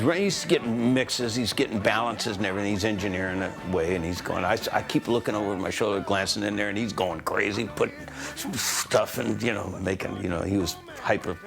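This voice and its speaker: A man in his sixties, a composer recounting a studio session in an animated, rambling way. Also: fairly low pitch, creaky. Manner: animated storyteller, full of "you know" and "man". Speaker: composer telling a story. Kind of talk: anecdotal interview.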